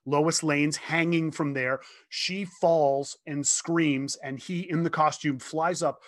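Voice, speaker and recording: A man in his fifties with a somewhat high voice speaks as an interview guest. He tells stories in an earnest, animated way and often stops to restart his sentences. The sound is close and dry. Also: slow pace, no room sound. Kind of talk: storytelling in casual conversation. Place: home office.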